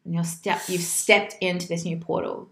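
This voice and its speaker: A woman's voice: lowish voice, little pitch movement, normal speed, a bit bright. A bubbly woman co-hosting a casual coaching podcast. She swears freely and strings her thoughts together with "like." Her voice rings in an echoey room. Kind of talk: casual chat.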